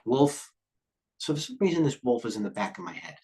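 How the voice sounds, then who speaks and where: A man's voice: mid-range voice, big pitch swings, dark tone. Rambling middle-aged male trading host. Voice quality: occasional cursing, blunt and fast-thinking. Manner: rambling, jumps between tangents. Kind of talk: live market commentary.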